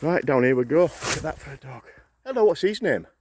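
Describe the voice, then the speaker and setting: With a fairly high voice, lively intonation, and a fairly quick pace, a Yorkshire vlogger films himself on a handheld phone. He's breathless as he rides up muddy hill tracks outdoors, groaning, swearing, and joking in casual commentary.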